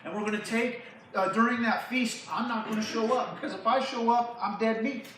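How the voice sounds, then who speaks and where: A man playing a young hero on the run, wary and incredulous, his voice high and bright. It echoes widely through a big hall, caught from far off with a faint hiss behind. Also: fairly quick. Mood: scheming.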